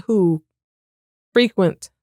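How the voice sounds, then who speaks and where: A middle-aged podcast co-host in casual chat, candid and relaxed, thinking aloud. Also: mid-range voice, drawn-out words, no room sound, studio quality.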